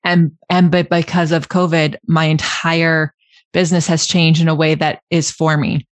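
A woman's voice: sits low, little pitch movement, normal speed, no echo. A woman hosting a podcast interview, reflecting aloud in a casual way. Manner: reflective, thinking aloud with restarts. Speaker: podcast host.

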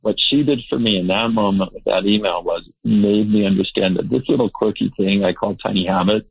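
A man's voice: fairly low pitch, a little fast, creaky, husky, no room sound. A male researcher, interviewed as a guest, explaining his ideas in an earnest, emphatic way. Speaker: behavior researcher. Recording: tinny phone-like line.

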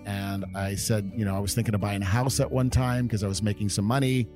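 A man's voice: on the low side, steady tone, fast talker, few pauses, a little mellow, faint music behind. A middle-aged American man from California, a father telling his grown child stories of his youth in a casual, rambling way full of fillers. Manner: rambling, reminiscing, with many fillers. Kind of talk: casual storytelling.

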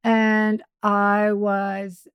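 A woman's voice: mid-range voice, monotone, extremely slow, clear, resonant tone, dry recording, muffled recording. A middle-aged woman, a podcast guest, telling a personal story in a chatty way with many asides and restarts. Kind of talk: casual storytelling.

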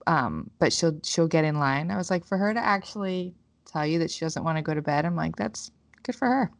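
A woman's voice: low-pitched, animated, fairly quick, gravelly, dry recording. A woman co-hosting a podcast in casual chat, telling parenting stories candidly and swearing freely. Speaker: podcast co-host.

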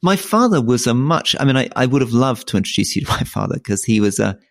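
A man's voice: medium pitch, sing-song, quick pace, vocal fry, no echo, clean studio sound. A middle-aged man co-hosting a podcast in casual conversation, often restarting his sentences and repeating words as he thinks aloud. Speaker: podcast co-host.

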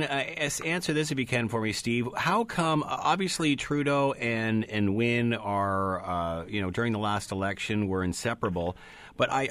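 A man's voice: on the low side, a bit bright. A male radio host from Ontario asking questions in a conversational way, with frequent fillers. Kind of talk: radio interview.

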